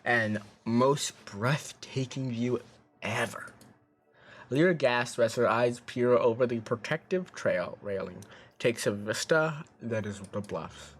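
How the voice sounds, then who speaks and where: A man's voice: mid-range voice, slow pace. Casual man reading a story game aloud. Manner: casual, stumbles over words and jokes between lines. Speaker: streamer. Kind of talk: reading a visual novel aloud.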